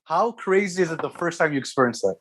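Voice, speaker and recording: A man's voice: fairly high pitch, lively intonation, quick pace, a bit bright, no room sound. Man, podcast co-host, casual chat, stammering, repeats words.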